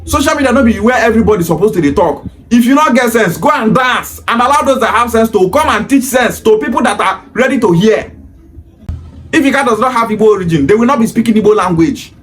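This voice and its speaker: Scolding Nigerian man, high voice. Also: expressive, fast talker, fairly bright tone. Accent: Nigerian, with Pidgin phrases. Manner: scolding, repetitive rhetorical questions. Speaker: commentator. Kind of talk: ranting monologue.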